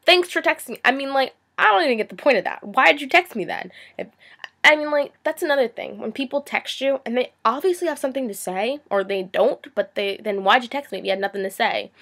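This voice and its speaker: Sarcastic teenage girl, high voice. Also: quick pace, fairly bright tone. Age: teens. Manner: sarcastic, exasperated, slips into mocking impressions. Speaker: vlogger. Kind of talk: ranting vlog monologue.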